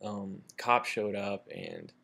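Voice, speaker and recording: Young man, American accent, slightly low voice, casual rambling story, self-filmed vlog. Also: slow, vocal fry. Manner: rambling, animated retelling with many fillers. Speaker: vlogger. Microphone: camera mic, self-filmed.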